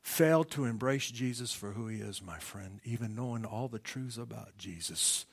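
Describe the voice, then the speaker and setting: A middle-aged man preaching a sermon, asking rhetorical questions, swinging from shouted climaxes down to hushed near-whispers. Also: on the low side, normal speed, vocal fry, husky. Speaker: pastor.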